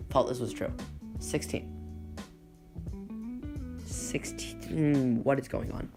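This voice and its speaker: A man's voice: medium pitch, slow. Sarcastic man riffing over guitar music. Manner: sarcastic and incredulous, laughs at own jokes. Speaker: YouTuber reading and mocking Reddit posts. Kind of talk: casual comedic commentary.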